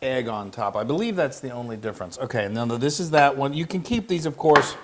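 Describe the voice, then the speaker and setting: A man's voice: medium pitch, expressive, fairly quick, noisy background. A man hosting a cooking video, explaining each step in a chatty, upbeat way. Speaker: cooking show host. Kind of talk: casual cooking demonstration.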